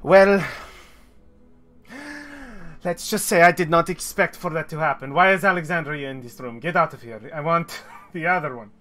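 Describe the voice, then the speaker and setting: A man voicing a stressed, sharp-tongued female smuggler ship captain who scolds and complains. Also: fairly high pitch, normal speed. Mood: exasperated. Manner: scolding, exasperated.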